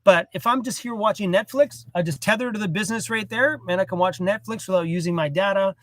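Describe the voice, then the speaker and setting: A laid-back man with a fairly high voice rambles through a casual phone livestream from inside his parked van. The sound is dry and close, with no room echo. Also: quick pace, fairly bright tone. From Canada. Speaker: van life vlogger. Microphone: cell phone.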